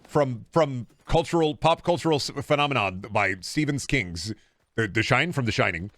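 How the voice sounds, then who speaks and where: A young man streaming a video game, chatting casually with a rambling, jokey, profane manner and sudden excited outbursts. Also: medium pitch, moderate pace, no room sound. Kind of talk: casual gaming stream chat.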